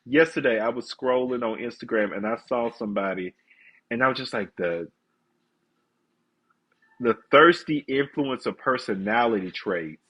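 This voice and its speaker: Husky congested man ranting. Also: medium pitch, moderate pace, long pauses, a bit bright, poor audio. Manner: candid, ranting, talks straight to viewers. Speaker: live-stream host. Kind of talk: casual live-stream chat.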